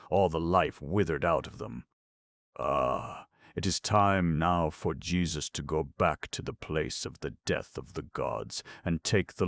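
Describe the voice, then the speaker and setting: A man voicing an excitable, pale young man with a French accent who talks in an intense, gushing, rhapsodic way. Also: a bass voice, creaky, no echo, clean studio sound, heavily acted.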